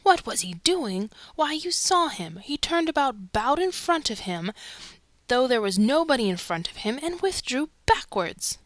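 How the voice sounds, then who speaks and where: A woman voicing an excitable male theater secretary, asking indignant questions in a rush. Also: high voice, a little slow, no room sound, full character voice. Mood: agitated.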